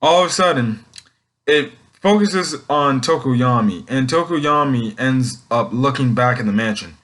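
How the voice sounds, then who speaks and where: A man talks through a comic chapter off the cuff, circling back on his sentences and padding them with fillers. His voice sits at an ordinary middle pitch for a man, with nothing forced about it. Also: lively intonation, measured pace, fairly bright tone. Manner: rambling, leans on "um" and "essentially". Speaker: manga chapter reviewer. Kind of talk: casual unscripted recap.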